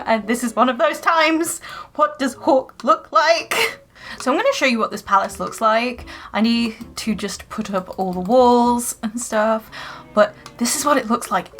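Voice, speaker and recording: High-voiced young woman reacting to a game. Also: fairly bright tone. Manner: chatty, gasping, emotional reactions to the game. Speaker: Sims let's play creator. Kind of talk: gameplay commentary.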